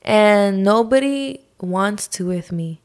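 A young woman hosting her own podcast, talking through a personal struggle in a slow, heartfelt monologue full of sighs and "like". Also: medium pitch, lively intonation, a little mellow. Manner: slow, sighing, heartfelt, says "like" often. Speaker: podcast host.

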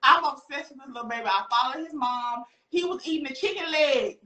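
Animated high-voiced woman in her thirties. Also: brisk, echoey room. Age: 30s. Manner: animated, laughs often, southern slang. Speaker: co-host. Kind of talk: casual group chat.

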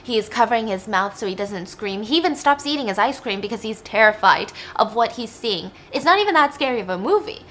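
A young woman with a bright, fairly high voice chats through a film retelling. She talks casually, full of asides. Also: a little hiss or hum. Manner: chatty, uses like and you know. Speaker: storyteller.

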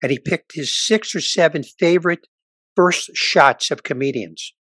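Sixties male comic, lively storyteller who plays every part, slightly high voice, dry close mic. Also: measured pace, husky, dry recording. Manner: animated storyteller acting out dialogue. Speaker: stand-up comedian guest. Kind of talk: casual storytelling chat.

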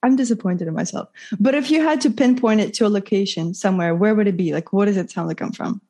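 A woman's voice: medium pitch, fast, warm tone. A young woman hosting a podcast, chatting casually with her guest over a call and laughing often. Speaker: podcast host. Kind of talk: casual interview chat.

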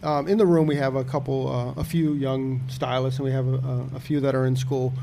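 A man's voice: mid-range voice, flat delivery, a little fast, creaky, over music. A man hosting an interview, who asks his questions hesitantly with fillers and false starts. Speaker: interview host.

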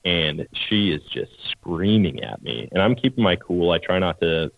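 A man with a low, deep voice tells a hunting story in a relaxed, plain-spoken way. The sound is dry, with no room echo. It is a little muffled. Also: moderate pace, gravelly. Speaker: podcast co-host, hunter. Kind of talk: casual storytelling.

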